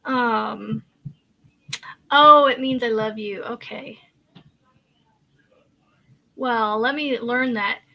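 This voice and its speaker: A woman's voice: on the high side, very slow, vocal fry, pauses often, muffled recording. A woman from Kansas hosting a crochet live stream, chatting casually, laughing often and answering viewer comments as she works. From Kansas, USA. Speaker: crochet channel host.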